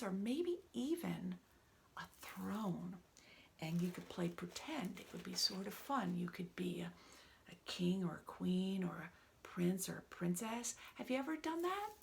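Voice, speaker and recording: Children's storytime host: woman, gentle, slow, slightly gravelly voice, near-whispered asides. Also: medium pitch. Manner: gentle, soft, often half-whispered.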